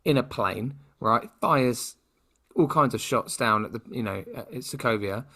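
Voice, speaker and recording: British male co-host, mid-pitched, rambling and wry in casual chat. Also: normal speed, sharp tone. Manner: chatty, rambling, playfully sarcastic. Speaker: podcast co-host.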